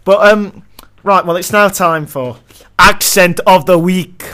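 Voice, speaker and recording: A man's voice: sits high, measured pace, pushed and bright, a little hiss or hum. A young man co-hosting a casual podcast, joking and laughing often at his own lines. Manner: jokey, self-mocking, laughs often. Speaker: podcast co-host.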